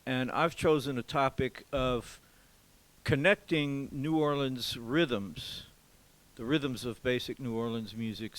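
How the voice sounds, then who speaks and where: Slow-talking man teaching drum rhythms. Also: medium pitch, a bit bright, low-quality recording. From Louisiana, USA. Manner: unhurried, explains with pauses and counts beats aloud. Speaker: drummer giving a music workshop. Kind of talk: informal spoken music lesson. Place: museum café.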